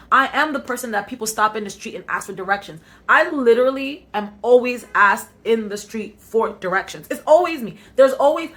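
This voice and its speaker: A young woman vlogs straight to her viewers in a candid, self-reflective way, with an African American Vernacular English accent. Her voice is bright and sits a little high, and she keeps coaching herself toward confidence as she talks. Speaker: vlogger. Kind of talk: casual vlog talk to camera.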